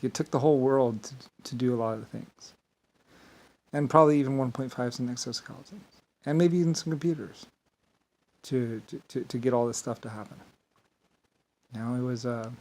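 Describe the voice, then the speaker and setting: A man's voice: mid-range voice, low-quality recording. A man in a rambling, grandiose monologue to camera, swearing and laughing at himself. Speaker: vlogger.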